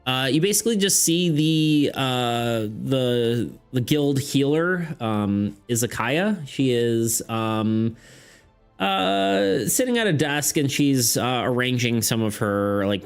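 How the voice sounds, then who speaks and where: A man's voice: medium pitch, lively intonation, takes it slowly, smooth, faint music behind. A man running a livestreamed tabletop game as game master, narrating in a loose, laid-back way and thinking aloud.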